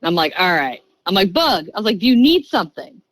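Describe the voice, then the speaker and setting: A woman's voice: mid-range voice, dry recording, low-quality recording. Chatty woman telling a story, very dry sound. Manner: animated, acts out voices and quoted lines; quick, chatty bursts with many fillers. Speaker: podcast guest. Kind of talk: casual storytelling.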